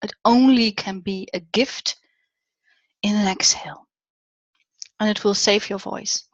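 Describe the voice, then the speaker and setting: A middle-aged woman with a Dutch accent giving an online talk on public speaking, animated and dipping to near whispers for emphasis. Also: mid-range voice, no echo. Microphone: video call. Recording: dull, dry online audio.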